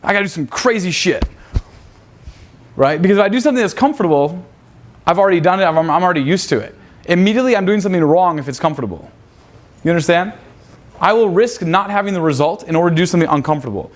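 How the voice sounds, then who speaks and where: A man's voice: sits high, animated, racing. A man leading a live seminar, brash and profane, firing rhetorical questions at his audience. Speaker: seminar instructor.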